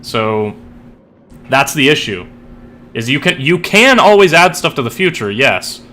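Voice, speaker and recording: Young male streamer, crisp tense tone, loose rambling chat, heavy fillers. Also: medium pitch, sing-song, unhurried, sharp tone. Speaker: streamer and writer. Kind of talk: casual chat while gaming.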